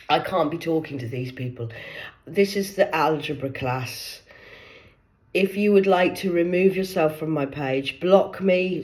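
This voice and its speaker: A woman from the north of England with a County Durham accent, telling a mocking story to the camera, swearing freely and acting out both sides of a phone call. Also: deep voice. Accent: County Durham English. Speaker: social media creator. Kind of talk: sarcastic storytelling monologue.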